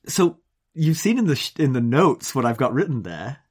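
A man's voice: mid-range voice, moderate pace, slightly rough. An English man co-hosting a podcast, chatting casually and telling an anecdote with quoted voices. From England. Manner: animated storyteller, mimics accents in quotes. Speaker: podcast co-host. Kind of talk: casual chat.

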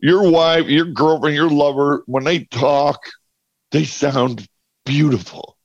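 A man talking as a podcast guest in casual chat, animated and laughing often, acting out bits of dialogue. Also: a little high, slow, highs cut off. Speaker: interview guest.

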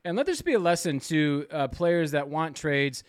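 A man co-hosting a casual sports podcast, ranting in an animated way and using mock-announcer build-ups for his segment. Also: a little high, moderate pace, no room sound, studio quality. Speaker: podcast co-host, media reviewer.

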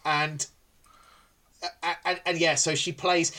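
A man's voice: a little high, flat delivery, takes it slowly, pauses often, bright, forceful tone. A man co-hosting a casual podcast chat, who rambles with many ums and restarts. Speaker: podcast co-host.

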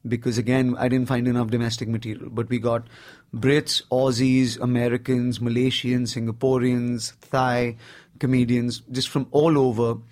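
A man with an Indian accent, a stand-up comedian in his thirties, chatting in an interview and telling animated stories, often saying "you know". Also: mid-range voice, moderate pace. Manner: lively storyteller, peppers speech with "you know". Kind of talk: casual interview conversation.

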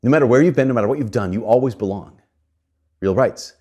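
A man preaching a sermon in an earnest, animated way, telling a story and slipping in casual asides, often repeating and restarting his phrases. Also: medium pitch, fast, husky.

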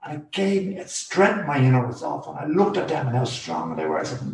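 An older Irish man recounts his experience earnestly and with strong feeling, his voice heavily gravelly and a touch high. He sits some distance from the mic, so the room rings around him. A faint ambient hum runs underneath. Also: wildly swooping pitch, fairly quick, few pauses, a little mellow, reverberant. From Ireland. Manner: emotional, earnest, repeating phrases for emphasis. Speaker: guest. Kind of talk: personal storytelling in an interview.

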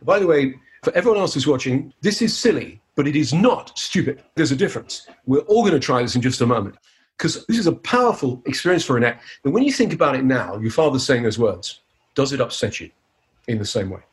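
A man's voice: mid-range voice, expressive, brisk. A man, a hypnotist, leading a live teaching demonstration in an upbeat, playful way. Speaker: hypnotist giving a seminar.

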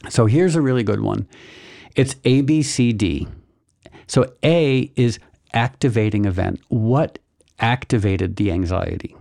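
A man hosting a podcast, calmly explaining things step by step in casual chat. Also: on the low side, vocal fry. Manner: calm, explanatory, walks through steps slowly. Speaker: podcast host.

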